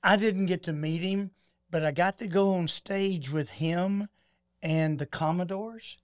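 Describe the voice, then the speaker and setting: A man's voice: sits high, steady tone, a little slow, smooth, no room sound, studio quality. A man hosting a casual interview, reacting with enthusiasm. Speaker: host.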